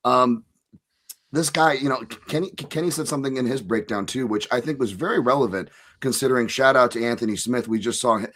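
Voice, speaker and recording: A man's voice: mid-range voice, brisk, fairly bright tone. A man from Hawaii talking casually as a fight analyst on a podcast, rambling with lots of restarts. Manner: rambling, restarts, frequent "right?".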